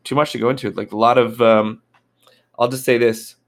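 A man's voice: medium pitch, flat delivery, fairly quick. Chatty, joking man on a video call. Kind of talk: casual chat.

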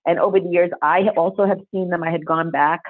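A woman who is a podcast guest, telling a story in an animated, emphatic way. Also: on the low side, fast talker. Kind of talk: storytelling interview. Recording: phone-like narrow sound.

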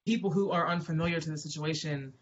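High-voiced man in casual talk. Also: quick pace. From Pittsburgh area, US. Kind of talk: casual discussion. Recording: muffled recording with faint noise.

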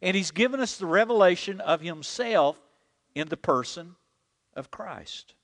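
A man's voice: high-pitched, unhurried. A man preaching a sermon as pastor, leading the congregation in repeating a prayer. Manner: animated preaching, leads the congregation in call-and-repeat. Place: church sanctuary. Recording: long hall reverb.

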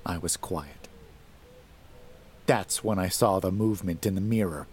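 A man narrating a scripted horror story in a measured, dramatic way that rises to tense emphasis. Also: low-pitched, a little hiss or hum.

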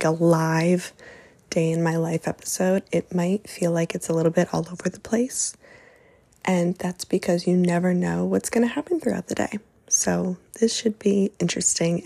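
A woman's voice: on the low side, creaky, mellow, slightly rough, no echo. A woman in her twenties, a teacher and podcast host, chatting casually and sleepily about her morning with a rambling manner. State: sleepy, yawning. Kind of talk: casual day-in-my-life narration.

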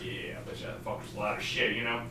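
A man tells rowdy, laughing stories in casual chat, putting on the voices of the people in them. His voice is bright and forceful and sits a little high. He is heard from some way off the mic in a strongly echoing room with faint noise. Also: completely flat delivery, fairly quick. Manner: profane, laughing storyteller, acts out quoted dialogue. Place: room, podcast among friends. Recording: roomy echo, distant mic.

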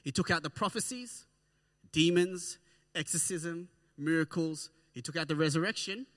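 A man preaching a sermon to a congregation in an animated way, often checking in with "right?". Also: fairly high pitch, normal speed. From Australia. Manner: animated, keeps asking "right?". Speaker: pastor.

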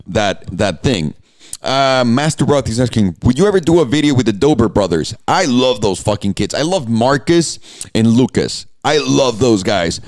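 A man's voice: fairly low pitch, no echo. A man hosting a live podcast, chatting casually and joking with a lot of swearing while reading out viewer questions. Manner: animated, profane, jokey, reads chat questions aloud. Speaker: podcast host.

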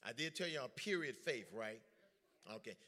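A man preaching a lively sermon, joking with the congregation and calling for their responses. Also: medium pitch, normal speed. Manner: lively, joking, drawls informal speech.

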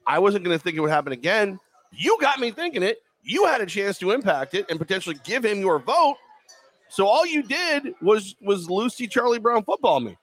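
A man's voice: high voice, big pitch swings, a little fast, a bit bright. A man co-hosting a sports talk show, bantering with teasing, jokey mock outrage. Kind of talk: casual sports radio banter.

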